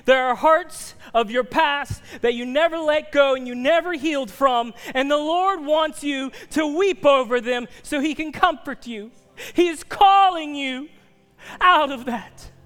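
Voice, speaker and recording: A male pastor with a very high voice gives an earnest, pleading altar call. He sometimes drops to hushed near-whispers, and soft instrumental music plays faintly behind him. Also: a little slow, in a large hall.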